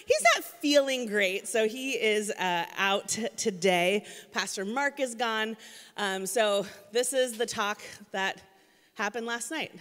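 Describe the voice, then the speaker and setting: A woman's voice: on the high side, bright, forceful tone. Chatty woman preaching in a reverberant hall. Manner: chatty, self-deprecating storytelling with many fillers. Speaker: guest speaker filling in for the pastor. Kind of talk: casual church sermon. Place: church stage.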